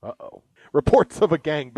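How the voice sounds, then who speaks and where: A male podcast co-host with a fairly high, very lively voice, reading police scanner posts in a slow, deliberate way. He laughs often between items. The sound is dry and close. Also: dry recording. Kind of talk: casual comedic chat, reading out scanner posts.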